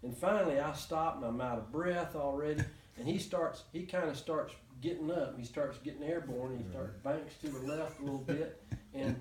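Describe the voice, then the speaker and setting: A man tells a story in a loose, rambling way, stopping to restart and chuckle. His voice sits a bit high for a man. He is picked up from far off in an echoey room. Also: moderate pace, few pauses, slight background noise. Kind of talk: casual storytelling to a small group.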